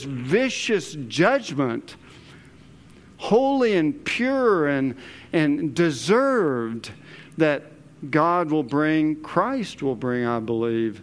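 A man works through scripture in a measured, unhurried teaching voice. His tone sits slightly high and comes out clean and smooth. He drops his voice to stress the weighty words. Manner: slow, deliberate, leans hard on key words. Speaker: Bible teacher. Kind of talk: verse-by-verse Bible teaching.

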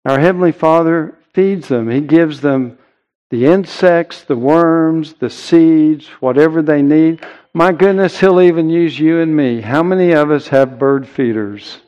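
A man preaching a sermon in an earnest, emphatic way, with deliberate pauses. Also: on the high side, a little mellow, muffled recording. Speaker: pastor.

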